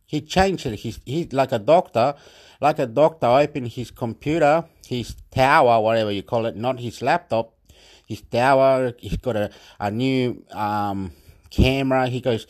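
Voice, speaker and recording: Man from Chile, casual vlogger, mid-pitched, rambling and profane, drops in Spanish phrases. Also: moderate pace. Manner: rambling, swears, jumps between topics, mixes in Spanish phrases.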